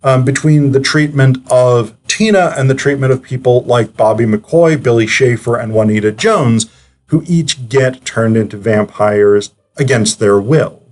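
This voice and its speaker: A man's voice: mid-range voice, a little slow, a little mellow. A man giving casual, analytical commentary as a film reviewer, chatty and digressive, with frequent hesitations.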